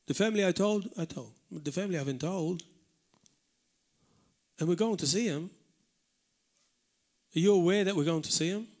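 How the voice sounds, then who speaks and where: Guy preaching live in church, high voice, earnest, keeps repeating words to hit the point. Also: normal speed, long pauses, a little mellow. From Malta. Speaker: pastor. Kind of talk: sermon. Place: church hall, live service.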